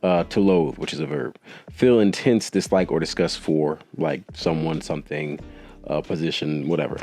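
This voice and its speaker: A very deep-voiced man talks through his own podcast alone in an easygoing way. He rambles, corrects himself often and fills gaps with ums and you-knows. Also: steady tone, normal speed, mellow, soft background music. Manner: rambling, self-correcting, with filler words and chuckles. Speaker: podcast host. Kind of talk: casual solo podcast monologue.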